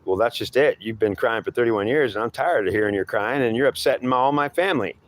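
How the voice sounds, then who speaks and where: A man's voice: mid-range voice, fast talker, close to an everyday voice. A man voicing a menacing male devil who claims to be god, taunting and threatening, calling the listener boy, in an improvised two-voice monologue.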